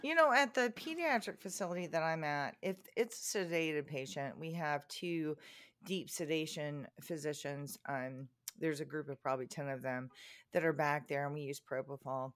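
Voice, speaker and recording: A woman's voice: low voice, moderate pace, no room sound. A woman in her fifties, a guest working in pediatric imaging, chatty and playful. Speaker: podcast guest, imaging staff. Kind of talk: casual chat.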